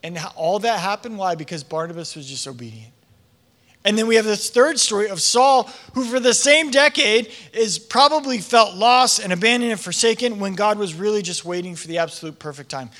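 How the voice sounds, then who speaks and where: A man preaching a sermon, telling a story with animated voices for the people in it. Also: high-pitched, brisk. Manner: animated storytelling, acting out quoted prayers. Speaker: pastor.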